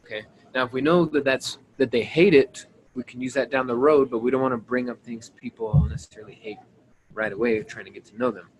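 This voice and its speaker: A man's voice: mid-range voice, a little fast, slight background noise, low-quality recording. A man leading a team training call, coaching his listeners and checking in with them as he repeats his points. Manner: acts out sample conversations.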